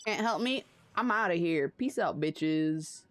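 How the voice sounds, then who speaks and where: A woman's voice: on the low side, lively intonation, a little slow. Playful, sarcastic woman streamer. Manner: playful, sarcastic, sings nonsense syllables. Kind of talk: casual gameplay commentary.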